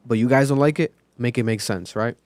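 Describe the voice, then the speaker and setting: Smooth-voiced man on a podcast. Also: medium pitch, brisk, no room sound. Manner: animated, talks through points out loud. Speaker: podcast co-host. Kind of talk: casual podcast commentary.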